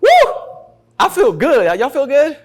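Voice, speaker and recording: A man from Africa hosting a talk show, energetic and joking as he teases his guests. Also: a little high, fairly quick. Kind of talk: lively talk show interview.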